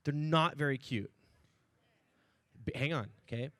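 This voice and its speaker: A man's voice: mid-range voice, a little slow, fairly bright tone, no echo. A man in his thirties preaching a casual, joking sermon, chatty with lots of asides and "right?" checks. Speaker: pastor.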